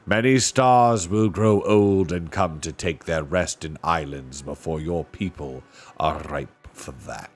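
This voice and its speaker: A man voicing a great male lion, solemn and kind, speaking slowly and gravely in a storybook reading. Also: faint music behind, exaggerated voice. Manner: slow, low and grave.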